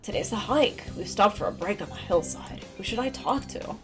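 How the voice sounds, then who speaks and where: A woman's voice: mid-range voice, animated, moderate pace, music in the background. A woman streaming a video game, chatting casually and reading the game text aloud. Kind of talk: casual let's-play commentary.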